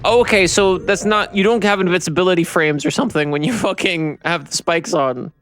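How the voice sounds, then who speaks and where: Man, game streamer, tired, curses a lot, trips over his words, slightly high voice. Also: fairly quick, a bit bright, slight background noise. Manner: swears freely, rambles with frequent restarts. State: tired from poor sleep. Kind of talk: casual game-stream chat.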